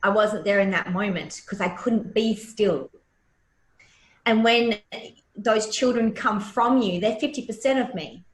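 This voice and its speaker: Woman in her 40s telling her story, emotional n blunt, cusses a lot, mid pitch, echoey room. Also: measured pace. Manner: emotional, blunt, swears freely. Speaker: podcast guest, hypnotherapist. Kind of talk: candid personal storytelling. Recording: roomy echo.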